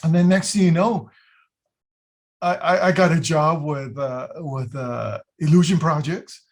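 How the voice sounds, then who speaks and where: A man telling stories in a casual interview, animated, acting out quotes with lots of fillers and restarts. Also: a little high, measured pace. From United States. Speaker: guest, illusion builder.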